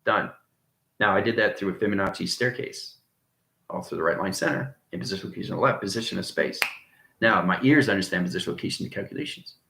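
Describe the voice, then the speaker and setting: Male host with a rambling, chuckling delivery, low but bright voice, recorded in a reverberant room. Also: fast, gravelly, a little hiss or hum. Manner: rambling, chuckles often, jumps between soft and loud. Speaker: channel host. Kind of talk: rambling spiritual monologue.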